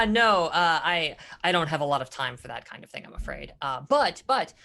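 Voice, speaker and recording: A woman game master voicing a gentle, sincere man who stammers through apologies. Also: sits low, lively intonation, gravelly, full character voice. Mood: flustered. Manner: stammering, halting, many restarts.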